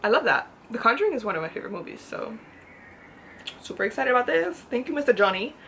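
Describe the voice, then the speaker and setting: A woman's voice: a little high, big pitch swings, fast, fairly bright tone, a little hiss or hum. A woman talking casually in a book haul vlog, gushing and chatty, repeating herself for emphasis. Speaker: book vlogger.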